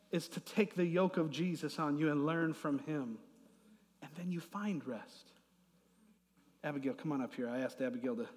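A middle-aged man preaching a sermon as pastor, swinging from loud emphasis to soft asides. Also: fairly high pitch. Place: church hall. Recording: long hall reverb.

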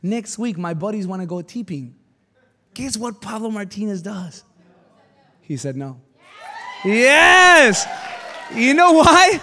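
A man with a high voice preaches to a church congregation. He tells a personal story in an animated, joking way, bursting into loud exclamations and then dropping to quiet, serious asides. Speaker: pastor. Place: church service before a congregation.

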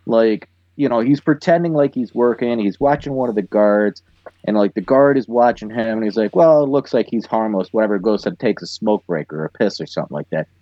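A man's voice: on the low side, brisk, mellow, dry recording, lo-fi sound. A man co-hosting a podcast, recapping an episode in casual chat with wry, laughing commentary. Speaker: podcast co-host.

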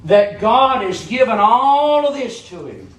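Fervent high-voiced man preaching a sermon. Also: sing-song, measured pace. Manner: fervent, rises to high shouting peaks then drops low; asks the congregation rhetorical questions.

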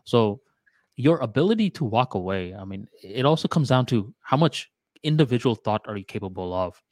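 A man's voice: lowish voice, very animated, moderate pace, a little mellow, no room sound. Thoughtful podcast man, dry sound. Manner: thoughtful, loose with filler words. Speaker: podcast co-host. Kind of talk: casual chat.

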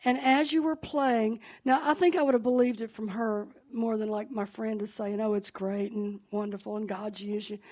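A woman pastor telling a healing testimony to a church congregation. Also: medium pitch. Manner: warm storytelling, quoting others, enthusiastic.

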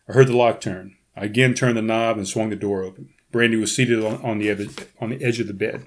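A man, host of a podcast, reading his own memoir chapter aloud with dramatic dialogue and quiet offhand asides. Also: fairly quick, hardly any pauses. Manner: animated, pitch jumps up in quoted dialogue, quiet asides.

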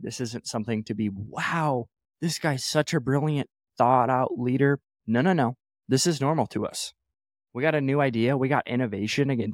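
A man gives a punchy motivational talk to church leaders, stacking up repeated phrases and quick restarts. His voice sits at an ordinary male pitch. The recording is dry, with no room sound. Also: dry recording. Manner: emphatic, repeats phrases, fast self-corrections. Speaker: podcast host teaching church leaders. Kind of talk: energetic motivational teaching.

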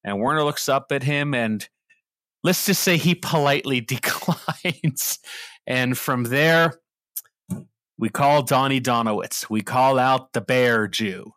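A man who is a podcast guest, telling a film scene in an animated way during casual chat. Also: mid-range voice, takes it slowly, dry recording, clean studio sound.

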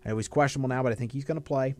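A man in casual sports chat works through his game picks and backs each one with statistics. His delivery is measured and analytical, with a medium-pitched voice. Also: fairly even intonation, a little mellow. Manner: analytical, stat-heavy, measured. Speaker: sports podcast co-host.

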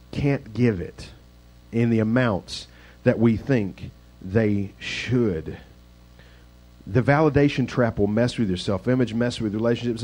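A man's voice: mid-range voice, a little mellow. A male pastor giving a casual, conversational sermon with rambling, self-deprecating asides.

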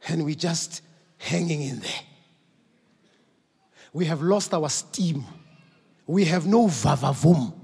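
Husky preacher in a hall. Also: male voice, on the high side. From South Africa. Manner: builds from quiet, slow teaching to shouted exhortation. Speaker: pastor. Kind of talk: sermon. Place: large church hall. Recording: long church hall reverb.

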